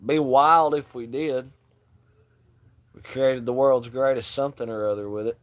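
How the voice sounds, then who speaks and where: A man hosting a casual livestream, joking loosely and swearing as he shouts out viewers by name and reads out their comments. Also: medium pitch, steady tone, measured pace, no echo. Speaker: livestream host.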